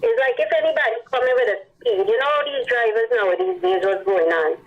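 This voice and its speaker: On a call-in show, a woman with a Guyanese accent earnestly rambles about a worrying problem, talking fast with big pitch swings in a slightly high voice. The audio comes through a muffled phone line.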